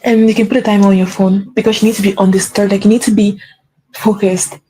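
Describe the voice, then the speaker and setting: A woman's voice: mid-range voice, little pitch movement, fast talker, dark tone, a little hiss or hum, poor audio. A woman giving an earnest spiritual pep talk as a faith coach, repeating key phrases for emphasis.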